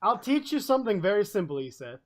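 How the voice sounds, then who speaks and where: A man's voice: high-pitched, very animated, fast talker. A man hosting a casual group chat, confidently laying out language rules. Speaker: podcast host.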